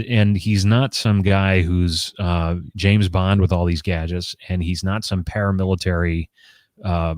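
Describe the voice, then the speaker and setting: Host, male, 40s: very low voice, casual and rambling, dry recording. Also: no room sound. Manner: rambling, with many restarts and filler words. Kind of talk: casual conversation about comics.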